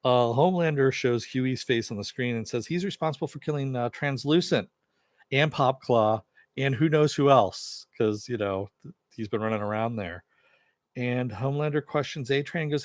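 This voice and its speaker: A man's voice: medium pitch, normal speed, no room sound. A man talks through a TV episode in an easygoing, rambling recap, leaning on fillers as he goes. His voice sits in an ordinary middle range. The sound is dry and close, with no room around it. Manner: loose, rambling retelling full of fillers. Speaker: TV episode reviewer. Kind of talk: casual spoken recap.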